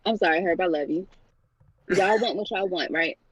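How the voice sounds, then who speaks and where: A woman's voice: on the low side, moderate pace, breathy edge, dry recording. A woman on a podcast, wry and eager to wrap up the topic. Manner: wry, trying to wrap things up. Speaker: podcast co-host. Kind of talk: casual chat. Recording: dry, dull lo-fi sound.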